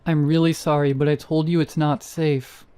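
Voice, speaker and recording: A man voicing an inhuman thing in a pit that mimics a frightened young woman, pleading and eerie, sometimes in a raspy whisper. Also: fairly high pitch, level tone, normal speed, warm tone, natural voice. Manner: pleading, then eerily singsong.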